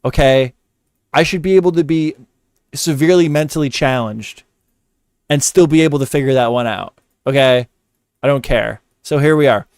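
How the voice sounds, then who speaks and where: Here a man's frustrated muttering and cursing fill a live commentary stream as he edits, with words repeated under his breath. His voice is mid-range, darkish and clean, moving at normal speed with long pauses, and the sound is close and dry, free of echo.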